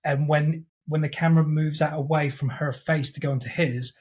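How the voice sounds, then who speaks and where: Husky, slightly high-voiced man chatting. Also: fairly even intonation, moderate pace, a little mellow. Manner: reads facts aloud, rambling. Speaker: podcast co-host. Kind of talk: casual chat. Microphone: online call.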